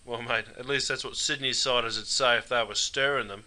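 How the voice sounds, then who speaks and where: Brief: bright-voiced Australian man, folksy scripted lesson narrator. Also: medium pitch, fairly even intonation, brisk. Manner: folksy, wry, drops "mate" constantly. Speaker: English teacher.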